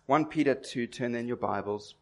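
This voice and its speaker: A man's voice: mid-range voice, moderate pace, a little mellow. A man from Durban preaching a sermon, telling stories and asking rhetorical questions in a conversational way. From Durban, South Africa.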